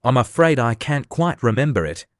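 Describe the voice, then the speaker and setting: A polite, earnest little girl of seven, as a man reads her in an audiobook. She speaks gently and with care, at a middle pitch. The recording is dry and close. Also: very animated, normal speed, no echo, lightly acted. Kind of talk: audiobook character reading.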